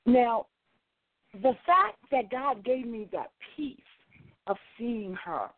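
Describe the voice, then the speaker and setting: A woman's voice: fairly high pitch, animated, slow, no room sound. A woman co-hosting a radio talk show, telling a personal story expressively with emphatic repetition. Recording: phone-like narrow band.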